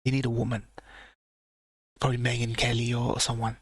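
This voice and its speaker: A man streaming his reactions, his husky voice held flat with little rise and fall. The sound is dry and close, and he mumbles loose, crude commentary. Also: medium pitch, fairly quick, no echo. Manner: offhand, mumbled asides full of crude slang. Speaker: livestream reaction host.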